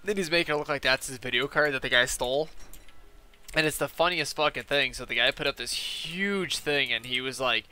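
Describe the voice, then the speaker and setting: A man's voice: medium pitch, brisk, bright, forceful tone, slight background noise. A man gaming on stream, telling a long rambling story in casual, profane talk and repeating "I'm like" between quoted lines. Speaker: gaming YouTuber.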